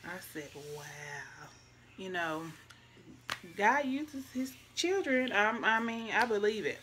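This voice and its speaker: A woman, telling a personal story in a casual, soft-spoken and reflective way, speaking straight to her viewers. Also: medium pitch, expressive, takes it slowly, noisy background. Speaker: vlogger.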